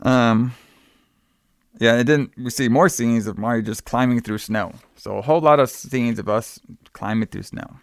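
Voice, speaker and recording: A man's voice: mid-range voice, moderate pace, dry recording, clean studio sound. Rambling, profane man recapping a movie. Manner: rambling, profane, many "like" fillers, acts out quotes. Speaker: podcast co-host recapping a movie. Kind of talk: casual chat.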